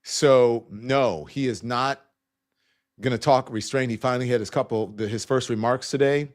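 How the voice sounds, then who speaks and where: A middle-aged man hosting a live news stream in a loose, conversational way. His voice sits at an ordinary pitch for a man. He often restarts his sentences and speaks in asides to his crew. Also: normal speed. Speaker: host of a live online news talk show. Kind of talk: live-stream news commentary with viewer shout-outs.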